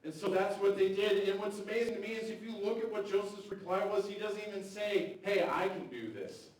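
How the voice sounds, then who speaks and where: A man's voice: high-pitched, little pitch movement, a little fast, a little mellow. A man preaching a sermon in a church, talking in a loose, conversational way and acting out quotes from the story. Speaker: pastor. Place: church sanctuary. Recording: very echoey hall, mic far off.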